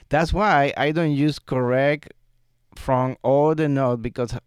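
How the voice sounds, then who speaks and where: A man teaching a music software tutorial, explaining step by step in a relaxed way and laughing often. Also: medium pitch, takes it slowly, clean tone, no echo, studio quality. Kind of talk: screen-recorded software tutorial. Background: vocal track playback.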